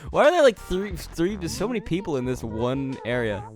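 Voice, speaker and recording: A man giving casual, chatty commentary while playing a video game, laughing often and getting easily excited. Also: a little high, a little fast, soft background music. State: out of breath.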